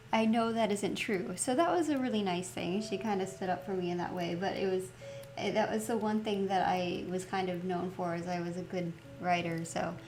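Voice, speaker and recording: A woman chatting casually as she plays through a story game, reflective and quick to laugh. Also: fairly low pitch, a little mellow, a little hiss or hum. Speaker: let's play host.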